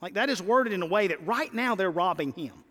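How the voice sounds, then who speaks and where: A man's voice: high-pitched, expressive, a little fast, fairly bright tone, in a large hall. A man preaching a sermon as pastor, rising into emphatic calls to his congregation.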